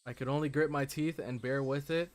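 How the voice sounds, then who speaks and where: A man streaming a visual novel, reading its text aloud and chatting excitedly between passages with frequent "like" fillers. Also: medium pitch, a little fast. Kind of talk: reading game text aloud with casual commentary.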